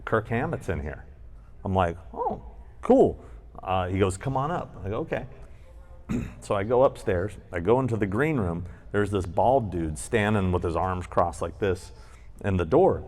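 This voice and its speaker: A man with a fairly low voice tells a long, rambling story on a live convention panel. He swears freely and slips into the voices of the people he quotes. It sounds like a handheld mic in a panel room. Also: lively intonation, moderate pace, darkish tone. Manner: rambling, profane anecdotes with acted-out quotes. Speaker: podcast co-host.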